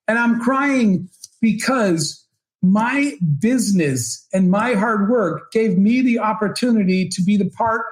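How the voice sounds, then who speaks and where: A man giving a talk over a video call, telling a personal story with feeling and acting out the dialogue of the people in it. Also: high voice. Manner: emotional storytelling, acts out quoted dialogue. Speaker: keynote speaker.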